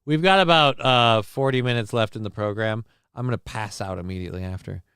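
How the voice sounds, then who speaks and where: A man's voice: on the low side, brisk, clean tone, no echo, studio quality. A man co-hosting a casual live show, reading out chat comments and riffing on them in a jokey, rambling way. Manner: jokey, riffs loudly on viewer comments, rambling. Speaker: livestream co-host.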